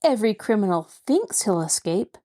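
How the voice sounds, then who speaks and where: A woman's voice: medium pitch, very animated, moderate pace, dark tone. A woman doing a fierce girl detective. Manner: fierce, defiant. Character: brave defiant teenage girl detective.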